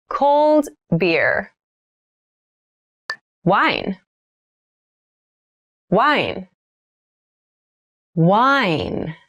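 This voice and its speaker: A woman teaching English vocabulary, saying each word and example sentence three times and then explaining it plainly. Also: mid-range voice. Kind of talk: slow, clear vocabulary lesson with repeated words.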